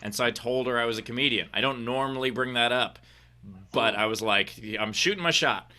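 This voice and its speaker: A man's voice: mid-range voice, steady tone, fairly quick, bright, forceful tone, smooth. A man from Queens, a guest comedian, telling a story in a loose, casual way with lots of fillers. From Queens, New York. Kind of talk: casual video-call chat.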